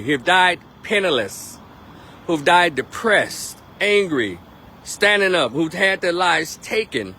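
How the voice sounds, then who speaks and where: A man's voice: sits high, pushed and bright, a little hiss or hum. A man giving a blunt, emphatic political monologue on a live stream, repeating his points.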